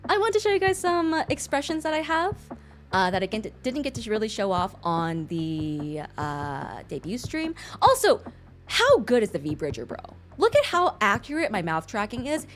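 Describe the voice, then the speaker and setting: A woman streamer chatting casually on a livestream, expressive and quick to laugh, swearing freely. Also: fairly high pitch.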